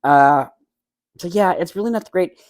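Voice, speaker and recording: A man's voice: high voice, measured pace. A man hosting his own solo movie review podcast, speaking bluntly and rambling in an exasperated way straight to his listeners, into his own microphone at home. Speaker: podcast host. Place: room at home with a fan.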